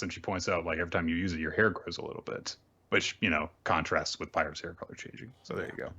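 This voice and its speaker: A man's voice: deep voice, fairly even intonation, fast, sharp tone, slightly rough, muffled recording. A man hosting a casual recap show, talking in an offhand, wry and profane way with plenty of fillers. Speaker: host of a manga recap show.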